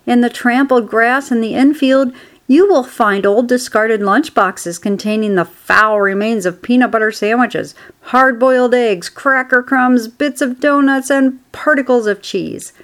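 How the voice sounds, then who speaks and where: A woman's voice: a little high, measured pace, natural voice. A woman voicing a wise old sheep in a storybook reading, relishing and persuasive.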